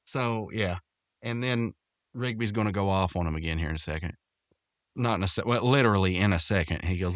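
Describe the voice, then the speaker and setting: A man with a fairly low voice hosts a casual podcast, rambling through a cartoon episode recap. He keeps breaking into raised, quick character voices for the quoted lines. The sound is dry and close, with no room around it. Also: no room sound. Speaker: podcast host.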